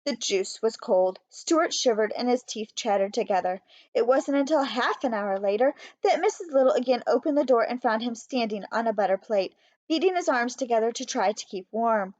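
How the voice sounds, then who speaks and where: A woman reading a children's storybook aloud in a steady, clear way. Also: on the high side, no echo. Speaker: audiobook reader. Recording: dry, slightly muffled.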